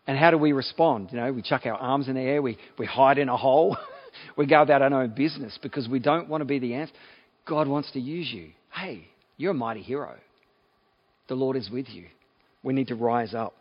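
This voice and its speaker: A man's voice: medium pitch, expressive, brisk, lo-fi sound. Man preaching a conversational sermon. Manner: conversational preaching with repeated restarts. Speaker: pastor.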